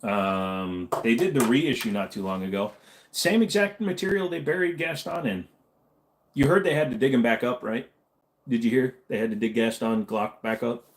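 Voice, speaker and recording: A man's voice: medium pitch, moderate pace. A man hosting a casual late-night livestream Q&A, rambling and joking as he reads chat messages aloud. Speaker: livestream host.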